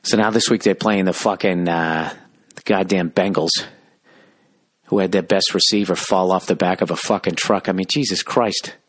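Husky-voiced man in his forties ranting. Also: sits low, steady tone, dry recording, studio quality. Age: 40s. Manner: fast, sweary, acts out both sides of a story. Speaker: podcast host. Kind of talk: profane comic rant.

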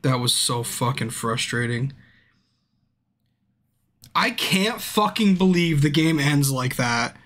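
Drunk male game streamer, casual chat with viewers, frustrated and cursing, mid pitch. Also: expressive, takes it slowly, long pauses, fairly bright tone. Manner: frustrated, swears a lot, talks to viewers by name.

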